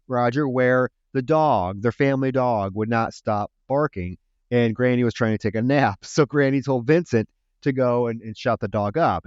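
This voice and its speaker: Male co-host, expressive storyteller, dry close mic with a dull, muffled edge. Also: medium pitch, no echo. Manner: animated retelling, acting out film lines, swears. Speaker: podcast co-host. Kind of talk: casual movie review chat.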